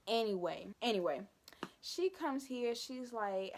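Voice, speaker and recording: A young woman telling a school story for her vlog, animated and dramatic with lots of asides. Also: mid-range voice, a little slow, a little hiss or hum. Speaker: vlogger.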